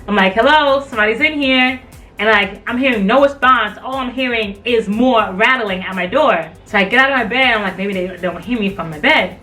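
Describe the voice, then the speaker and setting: Bright, animated young woman telling a story. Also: mid-range voice, a little fast, few pauses. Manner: animated, acts out quoted voices, many filler likes. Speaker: vlogger. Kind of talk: casual storytelling. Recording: voice a bit far from the mic, faint music behind.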